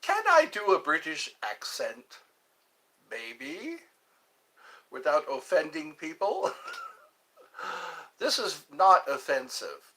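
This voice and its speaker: Man, live-stream host, phone mic, husky, lively bouncing pitch, jokey rambling. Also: slow pace, pauses often. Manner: jokey, reads viewer questions aloud and answers them. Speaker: livestream host.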